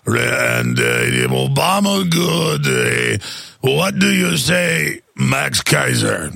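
A man putting on an impression of a ponderous old statesman, speaking very slowly in a mock German accent with broken, droning phrasing. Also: medium pitch, sing-song, gravelly, bright, forceful tone, dry recording, clean studio sound, heavily acted. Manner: very slow, deliberate, broken phrasing.

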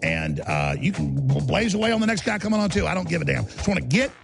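A man's voice: a little high, sing-song, quick pace, vocal fry, music in the background. A man hosting a talk radio show, brash and sarcastic, often stammering and repeating words.

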